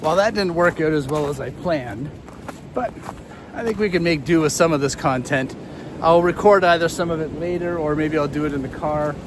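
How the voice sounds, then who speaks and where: A man's voice: on the high side, moderate pace, noisy background. A middle-aged man chatting casually to viewers as he hikes a muddy trail, a little out of breath. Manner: chatty, easygoing, talks to viewers while hiking. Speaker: vlogger. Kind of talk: casual walking vlog. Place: muddy forest trail outdoors, windy.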